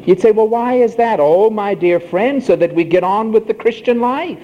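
A man preaching a sermon, emphatic, with a swooping preacher's cadence and slow, drawn-out phrases. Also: high-pitched, dull audio, slight background noise.

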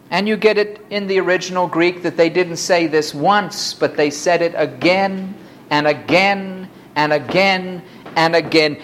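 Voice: mid-range voice, moderate pace, fairly bright tone. A preacher giving a sermon, reading scripture passages aloud and lifting the voice for quoted cries.

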